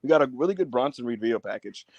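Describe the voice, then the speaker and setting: Speaking rapid-fire at a medium pitch on a dry recording, a podcast co-host tells wrestling stories animatedly. He acts out quotes and curses freely throughout the casual review show.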